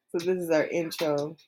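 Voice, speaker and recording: Slow, low-voiced woman chatting casually. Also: darkish tone. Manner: laughs often, loose and chatty. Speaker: podcast co-host. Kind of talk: casual podcast chat. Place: makeshift home studio. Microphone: laptop recording. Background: faint music.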